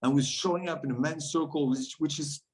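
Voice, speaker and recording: A man's voice: a little high, fairly quick, darkish tone, low-quality recording. A man from France, a guest on a podcast, telling stories in an earnest, reflective way and often laughing between thoughts. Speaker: guest, men's circle facilitator.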